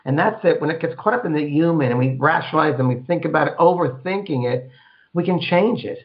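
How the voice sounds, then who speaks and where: A man's voice: a little high, expressive, fast talker. Rambling spiritual radio host, a man. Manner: rambling, repeats words, acts out inner voices. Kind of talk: call-in radio advice. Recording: dull lo-fi radio sound.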